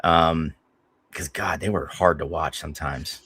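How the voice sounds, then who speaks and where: A man co-hosting a podcast, telling stories in a lively, profane, casual way. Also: a bass voice, a little slow, breathy edge, dry recording. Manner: animated, profane storytelling. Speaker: podcast co-host. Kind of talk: casual chat.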